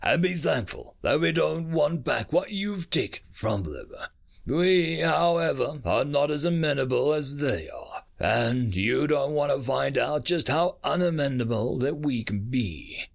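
Brief: man doing a cool, superior alien envoy, male and furry. Slow, measured and dismissive; slightly raised pitch. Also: animated, vocal fry, exaggerated voice. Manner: measured, haughty pronouncements.

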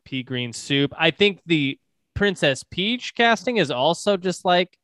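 Animated, rambling man. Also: on the high side, a little slow, no room sound. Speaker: podcast co-host. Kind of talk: casual chat.

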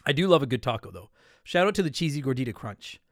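Answering listener mail on his casual talk show, a young man from Canada rambles, apologizes and restarts his sentences again and again. His medium-pitched voice is very animated and fast, captured in clean studio sound with no echo.

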